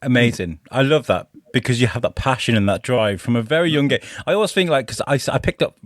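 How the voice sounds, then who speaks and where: A chatty man hosting a casual interview. His pitch swings widely as he jokes at his own expense. The sound is dry and close, recorded at home. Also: expressive, fast, no echo. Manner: chatty, self-deprecating, jokey. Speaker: podcast host. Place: home bedroom.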